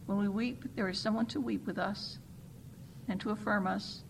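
A woman reading a story aloud to a church congregation, with an expressive storytelling delivery. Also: medium pitch, normal speed, gravelly, slight background noise, poor audio.

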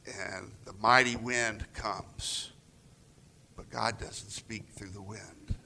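A man preaching a sermon, retelling scripture with dramatic swings from loud passages to near-whispers and acting out quoted voices. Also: fairly even intonation, slow pace, creaky, slight background noise. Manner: acts out quoted voices with raised pitch. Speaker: pastor.

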